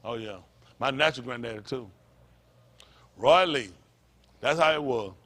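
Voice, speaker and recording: A man's voice: medium pitch, unhurried, fairly bright tone. A male pastor preaching a fiery, blunt sermon, full of profanity and call-and-response asides.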